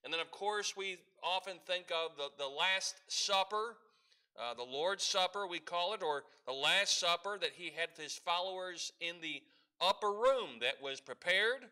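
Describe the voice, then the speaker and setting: Pastor guy preaching, high bright voice, leads the church in call and response. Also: expressive, normal speed. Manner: leads the congregation in call-and-response, reads scripture aloud. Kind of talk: sermon.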